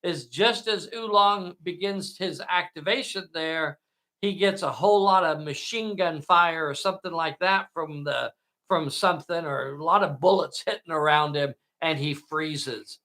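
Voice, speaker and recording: A man's voice: on the high side, a little slow, pushed and bright. A man hosting a solo tabletop game, narrating the action with play-by-play enthusiasm and often addressing viewers as boys and girls.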